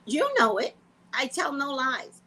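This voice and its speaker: Blunt, husky-voiced woman streaming live. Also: high-pitched, a little slow, low-quality recording. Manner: blunt, profane, animated storytelling. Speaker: psychic reader and livestream host. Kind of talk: casual livestream chat.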